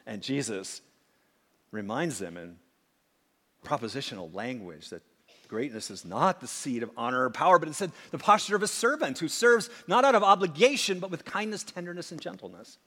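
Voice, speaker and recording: A man preaching a sermon, swinging from emphatic acted-out quotes to hushed asides. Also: a little high, lively intonation, normal speed. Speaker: pastor. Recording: long hall reverb.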